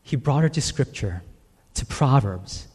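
A man's voice: mid-range voice, animated, measured pace, a little mellow, slightly rough. A male pastor preaching a sermon in a conversational way, often checking in with the listeners with "right?". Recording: long reverb in a large hall.

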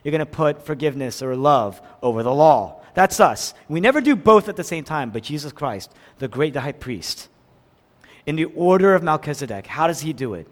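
A man preaching a sermon, swinging from loud cries down to hushed, near-whispered lines. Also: fairly high pitch, expressive, normal speed. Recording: long hall reverb.

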